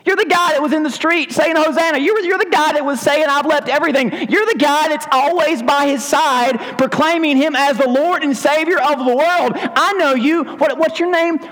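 A preacher doing a teenage servant girl who won't let it go, nagging and prying. She keeps asking again and again, voiced very high. Everything rings out in a long church reverb. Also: fairly bright tone. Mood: accusing. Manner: pushy, rapid-fire questioning.

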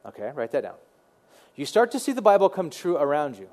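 Pastor guy preaching, kinda high voice, chatty and animated, stumbles over repeated words. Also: brisk. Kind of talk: sermon.

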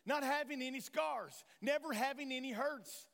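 Man, pastor, sermon, very high-pitched, impassioned, long church reverb. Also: moderate pace, vocal fry, a bit bright. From Tennessee, USA. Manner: impassioned preaching with rhetorical questions to the congregation. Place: church sanctuary.

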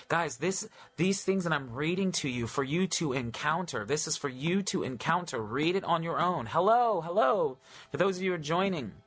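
Fervent man preaching over soft music. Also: on the high side. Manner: fervent, drawn-out and reverent, often repeating phrases. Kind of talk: live-streamed sermon with scripture reading.

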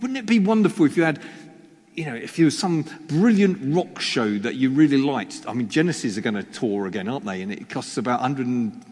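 A man's voice: medium pitch, expressive, a little fast, darkish tone, slightly rough. A male preacher giving a chatty sermon, teasing the congregation and poking fun at himself. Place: church hall. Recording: long reverb of a church hall.

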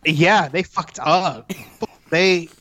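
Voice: mid-range voice, extremely slow, bright, forceful tone. A speaker in casual chat, rambling with many restarts and swearing freely while animatedly retelling scenes.

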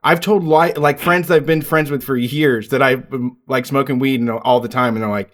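A man's voice: medium pitch, steady tone, normal speed. A man chatting casually, laid-back, offering jokey advice. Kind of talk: casual chat.

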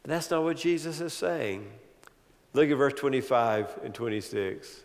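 A man preaching a sermon as pastor, swinging from loud, emphatic build-ups to quiet, low asides. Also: animated, a little slow, in a large hall.

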